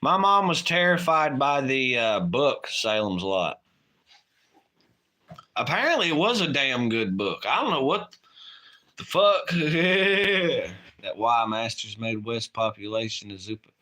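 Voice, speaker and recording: Bright-voiced, profane man on a livestream. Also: medium pitch, sing-song, takes it slowly. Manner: rambling, profane, laughs often. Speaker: livestream co-host. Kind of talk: casual late-night chat.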